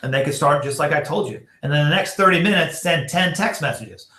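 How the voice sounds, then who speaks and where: A man's voice: on the high side, brisk, sharp tone, roomy sound. A man giving a casual sales training talk, chatty and full of fillers, acting out text message exchanges as he goes. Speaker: network marketing trainer.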